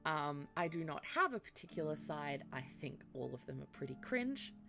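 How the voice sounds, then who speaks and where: A woman's voice: sits low, big pitch swings, moderate pace, creaky, music in the background. A woman from Eastern Europe chatting casually between role-play bits, blunt and self-mocking, swearing freely. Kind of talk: casual chat.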